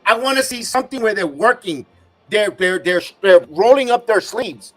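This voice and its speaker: A man's voice: high voice, lively intonation, normal speed. A man hosting a live baseball watch-along, ranting and cursing as an irate fan giving game reaction commentary.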